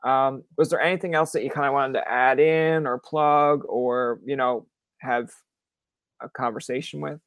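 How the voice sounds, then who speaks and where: A man's voice: mid-range voice, moderate pace, clean tone, no room sound. A young man from Canada hosting a casual podcast interview. He tells stories with lots of acted-out quotes and swears freely. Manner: animated storyteller who acts out quoted voices, swears freely. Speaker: podcast host.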